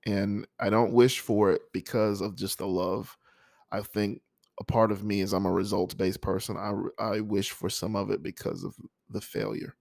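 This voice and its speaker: A middle-aged man speaking candidly and emotionally about a poem he wrote, halting with sighs and pauses. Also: lowish voice, fairly even intonation, gravelly, a little mellow, no echo, clean studio sound. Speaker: poet. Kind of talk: personal reflective monologue.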